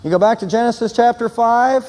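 A man's voice: very high voice, fairly quick, darkish tone, big-room sound. An older man preaching an Easter sermon as pastor, telling stories and building to emphatic declarations.

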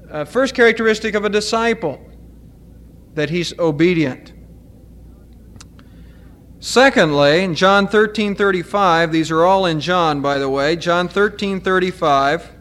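A man with a fairly high voice delivers a sermon to his congregation. He explains each point earnestly and deliberately, leaning on key words for emphasis. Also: fairly bright tone. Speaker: pastor.

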